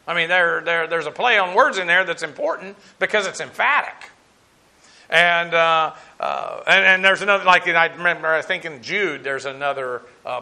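Bright, high-voiced man teaching scripture. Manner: discursive, numbered points with frequent fillers and restarts. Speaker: Bible teacher. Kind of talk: verse-by-verse Bible teaching.

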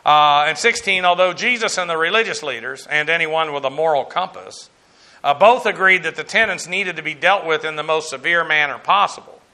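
A man's voice: fairly high pitch, fairly quick, bright, forceful tone. A man teaching verse by verse through a Bible passage, working through numbered points in a discursive, emphatic way, with frequent fillers and restarts.

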